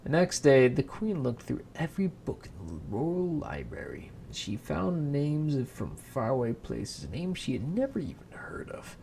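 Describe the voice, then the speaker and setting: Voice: medium pitch, very animated, measured pace, creaky, hardly any pauses, dark tone, slight background noise. A storyteller casually reading a fairy tale aloud into a home microphone, playful and breaking in with little asides. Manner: playful, self-interrupting.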